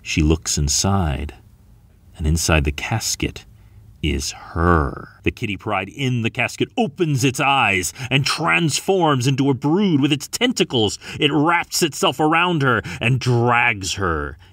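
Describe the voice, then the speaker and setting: A man hosting a podcast, recapping a comic book in a lively, storytelling way. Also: mid-range voice, slow, no room sound. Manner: lively storytelling, acting out scenes. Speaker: podcast host.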